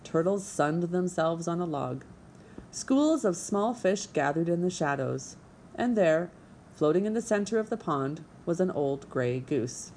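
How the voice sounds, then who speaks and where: A woman reading a children's book aloud with expressive storytelling. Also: on the low side, a little slow, slight background noise, low-quality recording. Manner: expressive storytelling, voicing characters. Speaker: narrator.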